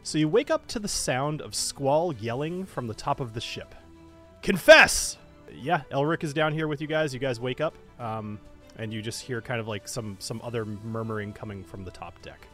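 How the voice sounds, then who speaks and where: A man's voice: mid-range voice, normal speed, soft background music. A man narrating as game master, casual with frequent fillers and restarts.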